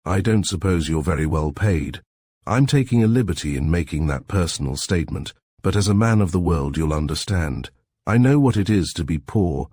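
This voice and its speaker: A man voicing a pushy, ingratiating middle-aged crook who talks loud and emphatic. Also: low voice, animated, moderate pace, dry recording. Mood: wheedling.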